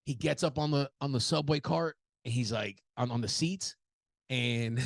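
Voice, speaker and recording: A man's voice: medium pitch, normal speed, gravelly, no echo, studio quality. A man telling a rambling, profane story in a casual podcast monologue, full of restarts. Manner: profane, rambling, animated anecdote with many restarts. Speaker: podcast host.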